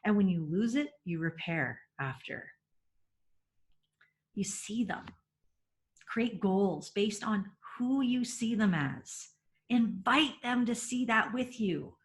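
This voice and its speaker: A middle-aged woman gives parenting advice in a webinar, earnest and emphatic. She laughs easily, doubles back on her words, and keeps her pitch in a middle range. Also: slow.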